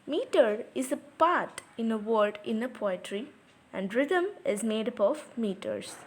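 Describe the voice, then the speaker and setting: A woman teaching a lesson on poetry, explaining patiently and repeating example words aloud, in English with non-native grammar. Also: a little high.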